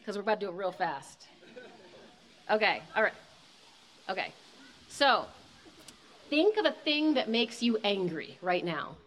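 A woman leading a live group breathing workshop, talking casually and encouragingly and counting the breaths out loud. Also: mid-range voice. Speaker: breathwork instructor.

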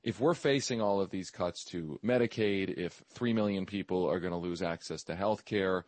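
Man, interview guest, low voice, measured, dry recording. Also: darkish tone, no echo. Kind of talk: conversational interview answers.

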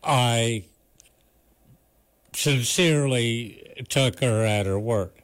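Man, podcast co-host, casual chat, unhurried, smooth voice, dry wit. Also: mid-range voice. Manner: dry, measured, wisecracking interjections.

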